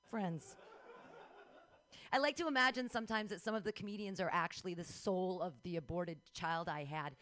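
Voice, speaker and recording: Bright-voiced middle-aged woman doing stand-up. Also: medium pitch. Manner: blunt, conversational delivery. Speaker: stand-up comedian. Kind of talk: stand-up comedy set.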